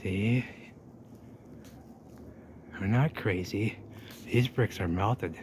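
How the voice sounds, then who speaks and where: A man narrating as he walks through an old drained canal, talking excitedly to the camera. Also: on the low side, extremely slow. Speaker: urban explorer vlogger. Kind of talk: handheld walking commentary. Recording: noisy outdoor ambience.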